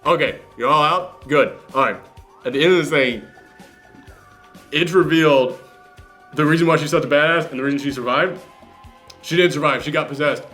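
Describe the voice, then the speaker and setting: A young man hosting a casual film review chat, animated and excitable, swearing casually. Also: fairly high pitch, moderate pace, long pauses, soft background music. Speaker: podcast host.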